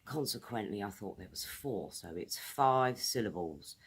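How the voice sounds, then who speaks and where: A woman's voice: a bass voice, expressive, breathy edge. A British woman giving a casual English vocabulary lesson outdoors, repeating each word carefully for pronunciation. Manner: friendly, repeats words slowly for pronunciation. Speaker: English teacher.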